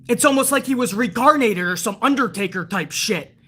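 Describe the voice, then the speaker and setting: A woman with a bright, forceful voice hosts her own wrestling review channel. She rants at viewers in a loose, heated way and swears constantly. She builds excitement as she retells each moment. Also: on the high side, brisk, slightly rough. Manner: excitable, retells events with rising energy. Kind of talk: casual profane review rant.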